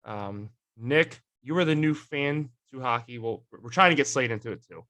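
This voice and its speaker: A young man with a bright, lively tone hosts a casual sports chat. He rambles along, full of fillers and restarts. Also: medium pitch, normal speed. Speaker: podcast host.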